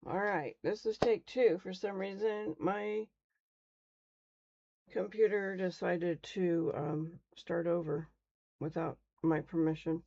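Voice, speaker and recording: A woman's voice: on the low side, steady tone, takes it slowly, warm tone, dull audio. A middle-aged woman casually teaching beginners on a live stream, chatty and rambling, often stumbling over her words. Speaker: crochet teacher.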